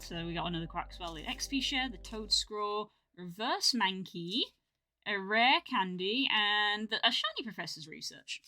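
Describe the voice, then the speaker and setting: A woman streaming, chatting casually as she opens trading cards, breaking into excited exclamations. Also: medium pitch, normal speed, faint music behind. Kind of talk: casual live-stream card-opening commentary.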